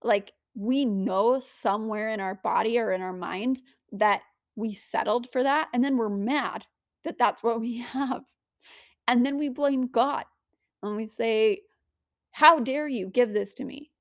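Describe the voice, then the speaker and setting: A woman's voice: a little high, measured pace, no echo, clean studio sound. Earnest woman giving spiritual coaching. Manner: earnest, conversational, rhetorical questions. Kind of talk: motivational spiritual teaching.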